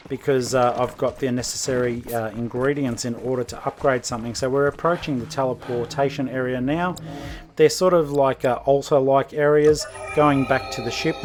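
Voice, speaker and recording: A man's voice: medium pitch, slight background noise. A man hosting a gaming podcast, giving chatty, rambling let's-play commentary over his gameplay, with self-deprecating asides.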